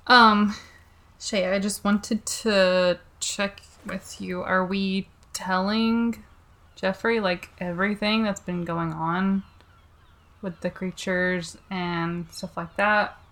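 A woman's voice: mid-range voice, level tone, slow pace, a bit bright. Woman playing in a tabletop game. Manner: casual, speaks in character. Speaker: player. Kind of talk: tabletop role-play chat.

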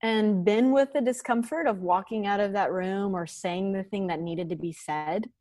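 A woman talks about listening to intuition in earnest, encouraging tones. Her voice sits at a middle pitch. The recording is close and dry, with no room sound. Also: normal speed, darkish tone, no echo. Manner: earnest, encouraging, spiritual wording. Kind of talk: reflective podcast conversation.

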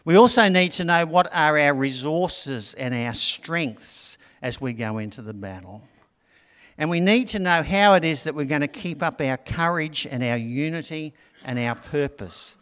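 Middle-aged pastor preaching in a reverberant church. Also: male voice, on the high side, lively intonation, unhurried, fairly bright tone, clear, resonant tone. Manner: conversational, storytelling with asides. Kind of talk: sermon.

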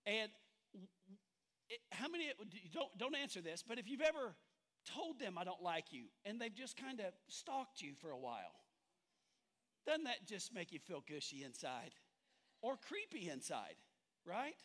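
A man's voice: high voice, very animated, a little slow, long pauses, fairly bright tone. A male pastor preaching a sermon in a church sanctuary, talking conversationally and drawing the congregation in with questions and jokes.

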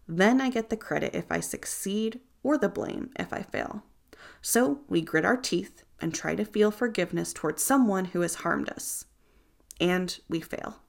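A woman's voice: lowish voice, gravelly. A woman narrating a nonfiction audiobook in the first person, earnest and reflective.

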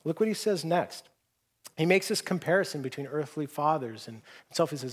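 A man preaching with a slightly raised pitch, chatty and self-deprecating. He tells stories in a conversational sermon and slips into hushed voices when he quotes people. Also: animated, brisk, slightly rough. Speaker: pastor.

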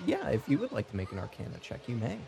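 Gravelly, low-voiced male game master. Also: quick pace. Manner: relaxed, with frequent "uh" fillers. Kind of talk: narrating a tabletop game.

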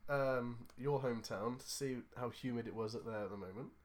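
A man's voice: medium pitch, a little fast. A British man co-hosting a podcast in casual chat, joking drily and laughing in wheezes. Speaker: podcast co-host.

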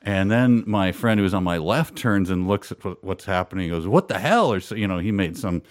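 Low-voiced man telling a rambling story. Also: steady tone, brisk, no echo, studio quality. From Minnesota. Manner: rambling, self-amused storytelling with frequent laughs. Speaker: storyteller guest. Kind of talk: casual chat.

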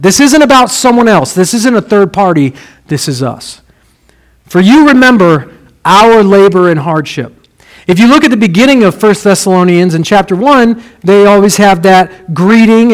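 High-voiced man preaching a sermon. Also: poor audio. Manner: expressive preaching, drops low and soft for emphasis. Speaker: pastor.

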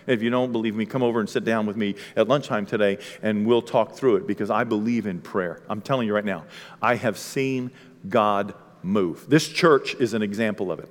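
A male pastor preaching a sermon, animated, acting out the voices of people in the story. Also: fairly low pitch, big-room sound. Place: church sanctuary.

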